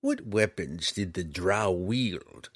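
Deliberate grim bounty hunter read by a man, low voice, terse, fantasy audiobook. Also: lively intonation, sharp tone, exaggerated voice. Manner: slow, grim, clipped delivery.

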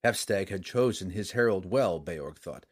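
A man reading a saga aloud in steady, measured scripted narration. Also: deep voice, husky.

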